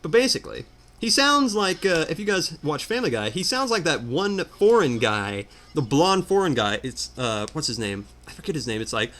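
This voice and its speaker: A man's voice: fairly high pitch, very animated, normal speed, a bit bright. A man ranting in exasperated commentary while playing a video game. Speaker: let's player. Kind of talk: ranting commentary over gameplay.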